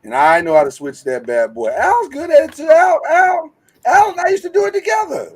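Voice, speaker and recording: A man hosting a podcast in casual chat, animated and joking, with preacher-like flourishes. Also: very high-pitched, brisk, poor audio. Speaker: podcast host.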